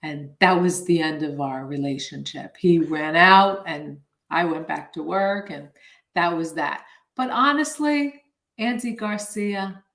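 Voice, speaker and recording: A middle-aged woman co-hosting a casual podcast, answering questions with a dry, easygoing humor. Her voice sits a little low and rings in an echoey room. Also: fairly bright tone. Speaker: podcast co-host. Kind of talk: casual chat.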